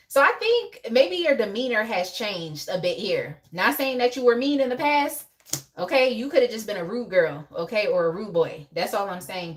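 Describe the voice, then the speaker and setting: A young woman hosting a casual live tarot reading, chatty and laughing often as she talks to viewers in the chat by name. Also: on the low side. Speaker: tarot reader on a live stream.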